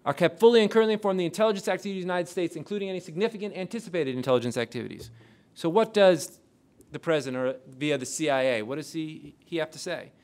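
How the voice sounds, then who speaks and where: A man lecturing a class, quizzing the audience with rapid questions. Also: on the high side, steady tone, a little mellow. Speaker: lecturer on intelligence oversight.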